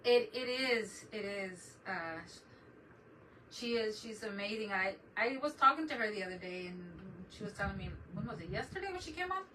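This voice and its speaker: A woman's voice: medium pitch, animated, moderate pace, bright, forceful tone. Chatty woman streaming from a distant mic. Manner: rambling, chatty, greets viewers by name. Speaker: crafting channel host. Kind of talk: casual live-stream chat. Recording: distant mic with noticeable background noise.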